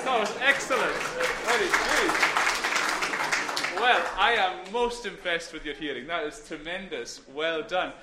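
A man's voice: high-pitched, measured pace, a loud crowd. A middle-aged man gives a playful, encouraging children's talk in church on a microphone, sometimes dropping to a whisper. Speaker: minister giving a children's talk.

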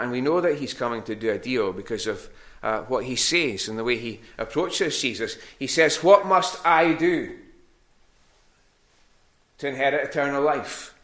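Male preacher, mid-pitched, conversational sermon delivery, repeats words while finding them. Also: lively intonation, moderate pace, fairly bright tone. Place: church hall.

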